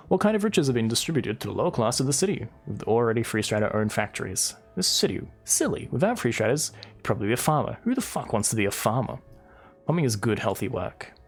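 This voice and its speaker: Brief: male streamer, mid-pitched voice, reads on-screen game text with wry remarks, soft game music underneath. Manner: wry, reads dialogue aloud with asides. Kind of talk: live gameplay commentary, reading game text aloud.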